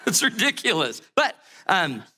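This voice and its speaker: A middle-aged man gives a motivational talk on relationships, telling stories with lively, animated delivery. His voice sits high for a man and sounds bright and forceful. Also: slow pace. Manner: animated storyteller, acts out characters. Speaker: relationship speaker.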